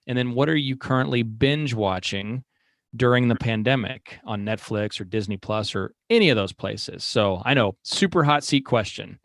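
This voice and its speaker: A male podcast host chats in a relaxed, easygoing way and laughs often. He corrects himself as he goes. The sound is dry and close. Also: mid-range voice, normal speed, dry recording. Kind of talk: casual interview chat.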